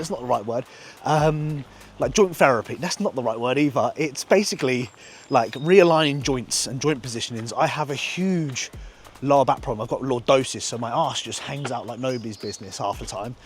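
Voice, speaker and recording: A man's voice: mid-range voice, slight background noise. Sweary man vlogging outdoors. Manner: blunt and sweary, chatty. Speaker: bodybuilding vlogger. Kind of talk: casual vlog talking to camera. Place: outdoors on a walk.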